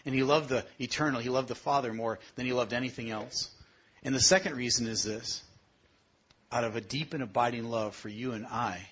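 A man preaching a sermon. He asks the congregation direct questions, climbs to emphatic peaks and then drops low and quiet. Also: husky. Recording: dull lo-fi sermon recording.

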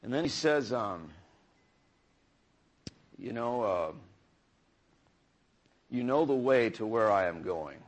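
A man's voice: mid-range voice, expressive, slow, long pauses. A man preaching a conversational sermon, often restarting phrases and asking the congregation questions.

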